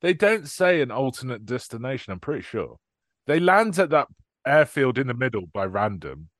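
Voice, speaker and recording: A man co-hosting a film podcast in casual chat. His pitch rises and falls a lot as he recaps scenes, swears freely and slips into quick put-on lines from the film. The sound is close and dry, with no room around it. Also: big pitch swings, fairly bright tone, no room sound. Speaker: podcast co-host.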